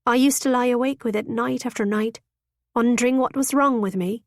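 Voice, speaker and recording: A woman voicing a frank, tender young working woman who speaks in a sleepy, husky, breathy voice. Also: a little high, steady tone, fairly quick, pitched above the performer's own voice, close to an everyday voice.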